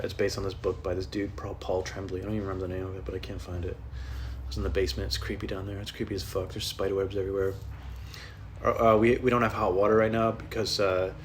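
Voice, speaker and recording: This is a podcast host ranting by himself in a casual, rambling way, cursing frequently and starting sentences over. He has a fairly low-pitched voice, and there's slight noise in the background.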